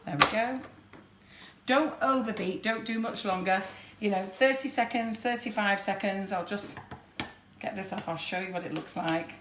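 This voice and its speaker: A woman's voice: mid-range voice, normal speed. A woman with a broad northern English accent chatting her way through a live baking demonstration in a kitchen, laughing often. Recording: roomy kitchen with background noise.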